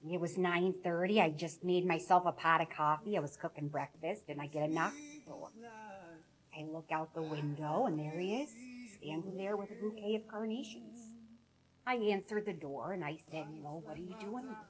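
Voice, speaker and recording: A woman's voice: fairly low pitch, moderate pace, a crowd in the background. A woman telling a comedic story as a waitress, in a sassy, brash way.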